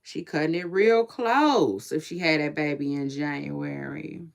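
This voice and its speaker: A woman's voice: low voice, unhurried, vocal fry. A woman with children, chatting casually and outspokenly about celebrity gossip on a live stream, laughing often and using slang. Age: adult with children. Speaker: commentary vlogger reacting to celebrity gossip.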